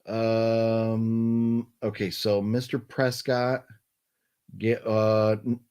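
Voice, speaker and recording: A man's voice: on the low side, little pitch movement, extremely slow, a little mellow, clean tone. A man hosting a casual late-night live stream, thinking aloud in a rambling way with many restarts.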